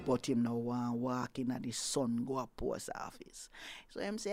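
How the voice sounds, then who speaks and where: A woman with a Jamaican accent telling an Anansi folk tale in patois, dramatic and lively, dropping into hushed whispers. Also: very deep voice, unhurried, no echo. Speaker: storyteller.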